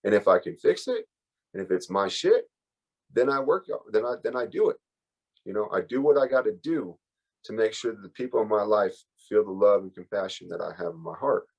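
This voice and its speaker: A man's voice: on the low side, expressive, brisk, a little mellow, poor audio. A man giving a candid, emotional personal recovery share as a workshop speaker, rambling and full of fillers.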